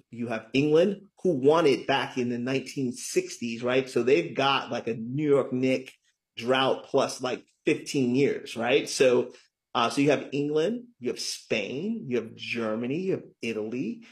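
A man's voice: medium pitch, a little slow. A middle-aged man being interviewed as an author, talking in a chatty, emphatic way and often tagging "right?" onto his points. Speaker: guest, author. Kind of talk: casual interview talk.

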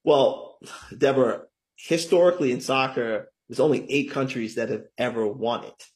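A middle-aged man speaks at a moderate pace in a mid-range voice, appearing as a guest author in an interview. His talk is conversational and enthusiastic, and he keeps tagging his points with "right?"

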